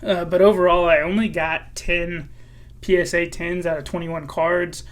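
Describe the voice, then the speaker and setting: A man hosting his own collecting channel, chatting casually with many fillers, a little hoarse and clearing his throat. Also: high-pitched, fairly even intonation, moderate pace. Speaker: card collecting channel host. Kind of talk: casual vlog commentary.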